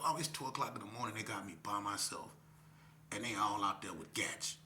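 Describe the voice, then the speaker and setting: Bright-voiced middle-aged man telling street stories. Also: fairly quick. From Las Vegas. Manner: animated, acts out quoted voices with sudden high-pitched shouts. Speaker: guest telling his life story. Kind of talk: casual street storytelling. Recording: echoey room.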